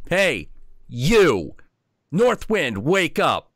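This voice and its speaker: A man doing a shrill, indignant little Viking boy. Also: wildly swooping pitch, extremely slow, no room sound, clean studio sound, full character voice. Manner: high, loud, earnest declarations.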